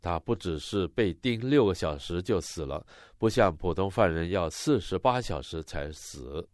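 A man interpreting a sermon line by line, expressive and rising on the quoted cries. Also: sits low, moderate pace, dry recording, studio quality.

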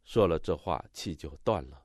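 A man interpreting a sermon line by line, expressive and rising on the quoted cries. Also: low voice, normal speed, no echo, clean studio sound.

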